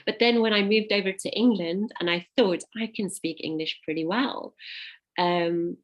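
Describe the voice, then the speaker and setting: A woman's voice: medium pitch, normal speed, highs cut off. A woman in her forties from South Africa, Afrikaans by first language, speaking English with a South African accent in a chatty conversational interview, full of fillers and restarts. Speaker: interview guest.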